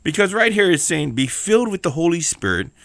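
A man's voice: on the high side, very animated, a little fast, vocal fry, fairly bright tone, no room sound. A man with a Hawaiian accent giving a casual, joking sermon as host, chatty and playful. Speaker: church devotional host.

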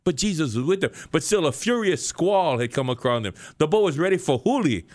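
A man's voice: fairly high pitch, lively intonation, brisk, darkish tone, dry recording. A man with a Hawaiian Pidgin accent preaching a folksy sermon, building to emphatic questions.

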